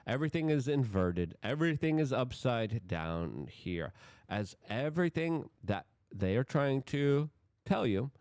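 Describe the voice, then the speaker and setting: A man's voice: mid-range voice, a little slow, clean tone, dry recording, clean studio sound. A man giving heated political commentary, sarcastic and stumbling through restarts. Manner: sarcastic, animated, repetitive restarts.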